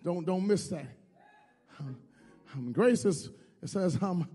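Male preacher, very high gravelly voice, call-and-response sermon, long church reverb. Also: lively intonation, slow pace, pauses often. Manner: call-and-response preaching, shouting and dropping low; repeats words and addresses the congregation as y'all. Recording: reverberant hall with music under.

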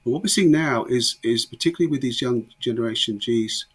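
Husky emphatic man. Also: mid-range voice, brisk. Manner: emphatic, repeats words as he restarts. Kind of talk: conversational interview.

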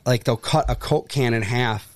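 A man's voice: medium pitch, moderate pace, a little hiss or hum. Rambling man in casual chat. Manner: loose and rambling, lots of fillers and laughs.

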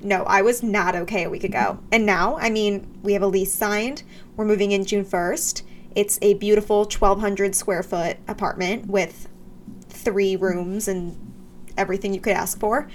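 A young woman chats easily as a podcast co-host, bubbly and quick to joke. A faint hum of room ambience sits behind her voice. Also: medium pitch, steady tone. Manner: chatty, bubbly, joking. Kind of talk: casual chat.

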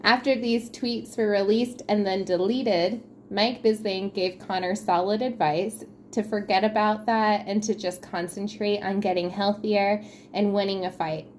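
A woman's voice: medium pitch, steady tone, unhurried, darkish tone, a little hiss or hum. A woman co-hosting a casual sports podcast, reading quotes aloud and laughing at them. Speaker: podcast co-host.

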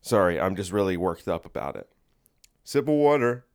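A man's voice: sits low, animated, normal speed, clear, resonant tone. Rambling jokey man hosting a podcast. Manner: restless, jokey, easily sidetracked. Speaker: podcast host. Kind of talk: rambling solo podcast chat. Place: his bedroom at home.

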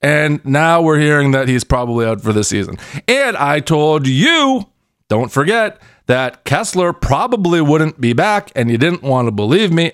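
Brief: male podcast host, fairly high voice, sarcastic comic rant, dry close sound. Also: no echo. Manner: sarcastic, swinging between shouting and muttering. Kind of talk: comedic sports podcast rant.

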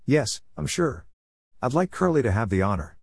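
Male reader doing anxious adult daughter, pitched up, hesitant, soft, dry close mic. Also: very animated, moderate pace, creaky, slightly rough, no room sound, exaggerated voice. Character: grown daughter, anxious and apologetic. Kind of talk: audiobook character voice.

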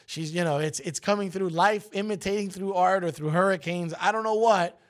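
A man's voice: high voice, fairly quick. A man hosting a radio show, chatting casually, joking and rambling.

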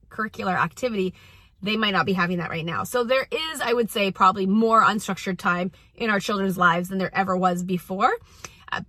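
A woman in her forties talks through parenting advice in a casual, earnest way, stressing key points and often restarting her sentences. Her voice is bright and forward, and the sound is dry and close with almost no room. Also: mid-range voice, no room sound. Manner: earnest, emphatic, with frequent restarts. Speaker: parenting coach and mom. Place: outdoors at a track practice.

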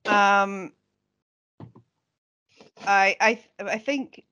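A woman's voice: mid-range voice, very slow, highs cut off. A woman co-hosting a podcast, chatting casually and animatedly quoting lines. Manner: animated, quotes lines with relish. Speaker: podcast co-host. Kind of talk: casual chat.

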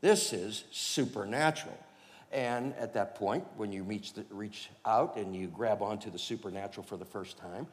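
Man, preacher, personal testimony, animated, chuckling, long hall reverb. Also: fairly low pitch, moderate pace, few pauses. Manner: animated, chuckling, many fillers.

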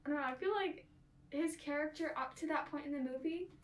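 A young woman co-hosting a podcast, chatting casually about a movie in a bubbly way and reacting with quick gasps and laughs. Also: high-pitched. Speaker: podcast co-host. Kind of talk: casual movie review chat. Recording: roomy, far from the mic.

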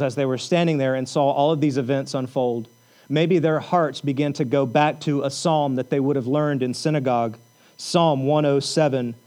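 A man preaching a sermon, repeating lines for emphasis and telling the story with animated energy. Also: medium pitch, low-quality recording. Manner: repetitive, emphatic preaching with rising intensity. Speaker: pastor.

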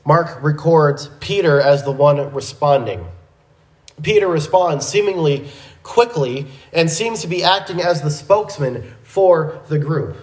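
A man teaching a Bible lesson, working through the text step by step. His delivery is slow and deliberate, his voice sits a little high, and the room around him rings with echo. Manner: measured, methodical, with small restarts.

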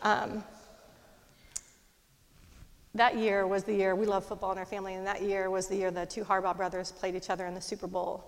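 A middle-aged woman telling a personal story in a fast, animated way, with lively voices for the people she quotes. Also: medium pitch. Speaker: speaker. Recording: long hall reverb.

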